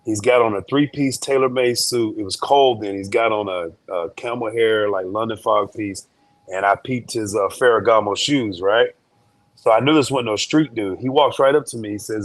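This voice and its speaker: A man, a guest in an interview, telling a story in a joking, slangy, animated way. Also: fairly low pitch, fairly quick, no room sound.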